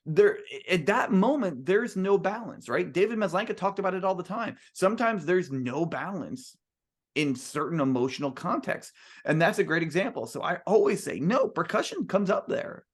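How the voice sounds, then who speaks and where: A man's voice: sits high, lively intonation, normal speed. A man who is a composer, giving an earnest, emphatic talk to musicians at a band clinic and restarting his sentences often.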